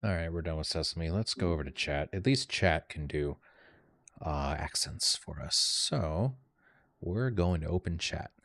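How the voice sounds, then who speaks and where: A man's voice: a bass voice, lively intonation, a little slow, vocal fry, a bit bright, dry recording, studio quality. A man vlogging as he tests AI voice assistants, speaking bluntly and impatiently. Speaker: vlogger testing AI. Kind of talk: casual chat.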